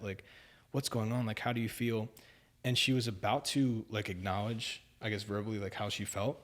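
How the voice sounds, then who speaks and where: A man's voice: fairly low pitch, fairly even intonation, brisk. A young man, a podcast guest, telling a story in a casual, rambling way, full of "like" and "dude". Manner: rambling, filler-heavy, says "like" and "dude" often.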